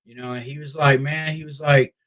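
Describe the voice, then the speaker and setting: Profane, animated man telling a story. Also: fairly high pitch, brisk, low-quality recording. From Memphis Mid-South area. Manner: profane, animated, repeats "I was like". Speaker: wrestler guest. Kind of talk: casual storytelling.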